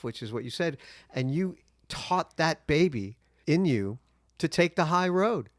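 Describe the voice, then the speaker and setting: A man's voice: a little high, lively intonation, a little slow, no room sound, clean studio sound. A man hosting a podcast, speaking in an earnest, encouraging way to his guest. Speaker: podcast host. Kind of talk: casual chat.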